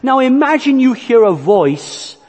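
High-voiced slow preacher in echoing hall. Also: male voice, sing-song, darkish tone. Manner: earnest, deliberate, illustrative. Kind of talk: sermon. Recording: long church reverb.

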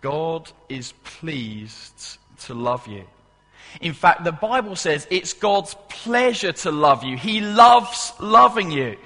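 A man's voice: fairly high pitch, big pitch swings, slow pace, sharp tone, big-room sound. A man preaching a sermon in a church service, emphatic, repeating key phrases and asking the congregation questions. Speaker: pastor.

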